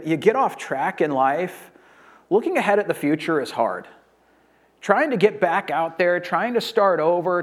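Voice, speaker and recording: A male pastor preaching a sermon in a conversational way, retelling scripture in casual paraphrase. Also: sits high.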